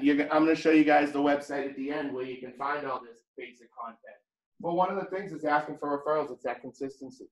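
Boston-accented man, blunt trainer talk, slightly high voice, echoey training room. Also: a little mellow. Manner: blunt, conversational, jokey. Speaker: real estate trainer.

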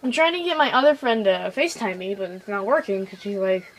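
A young woman chatting casually while she plays a video game, excitable and rambling, switching between loud outbursts and quiet mumbling. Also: mid-range voice, quick pace, rough recording. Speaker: gaming video host. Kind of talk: casual gameplay commentary.

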